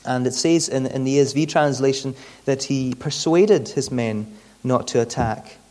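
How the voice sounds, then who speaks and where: A man's voice: medium pitch, normal speed, a little mellow. A man preaching a sermon in a conversational way, often repeating words as he searches for the next phrase.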